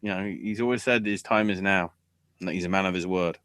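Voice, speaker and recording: A man's voice: fairly low pitch, a little fast, a bit bright, no room sound. Sweary man on a podcast. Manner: sweary, sarcastic, acts out quotes in bursts. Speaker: wrestling podcast host. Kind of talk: casual podcast chat.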